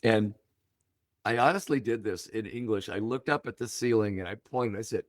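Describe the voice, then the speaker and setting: An older man, a podcast guest, telling a deeply personal story with feeling, acting out the other people's words as he goes. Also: normal speed, no echo, clean studio sound. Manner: emotional, animated storytelling with voiced quotes.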